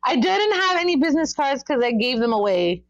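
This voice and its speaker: A woman from Canada co-hosting a podcast, telling stories in an excitable, animated way. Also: sits high, fairly quick, no echo, muffled recording. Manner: excitable, animated storytelling with laughs. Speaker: podcast co-host. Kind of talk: casual chat.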